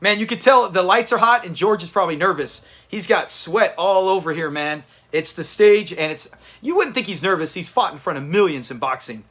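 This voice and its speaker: Livestream host, male, high and bouncy delivery, casual chat with viewers, quick to laugh. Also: animated, fairly bright tone. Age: adult with kids. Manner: chatty, laughs often, talks to viewers in chat. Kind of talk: live watch-party reaction commentary.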